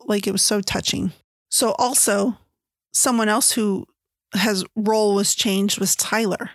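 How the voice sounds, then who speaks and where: A woman's voice: mid-range voice, vocal fry, no room sound, clean studio sound. A woman chatting casually as a book reviewer, gushing and full of filler words. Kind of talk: casual chat.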